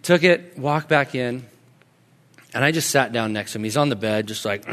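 A man in his thirties, a pastor preaching a sermon in a conversational storytelling way, dropping to soft, quiet tones when he tells personal stories. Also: mid-range voice, moderate pace, pauses often. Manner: conversational storytelling, drops to soft near-whispers in anecdotes.

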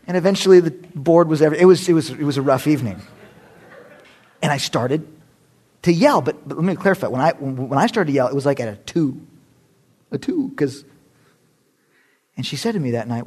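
A man preaching with a somewhat high, husky voice that swings widely in pitch. He delivers his sermon as a conversational story, animated and full of self-deprecating humor. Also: a little fast. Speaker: pastor.

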